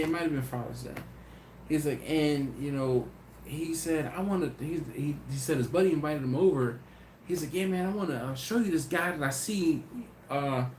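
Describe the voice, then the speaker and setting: A tired man hosting a casual livestream, telling stories in a lively way and doing voices for his friends. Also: on the high side. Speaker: BBQ channel host. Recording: echoey room with faint noise.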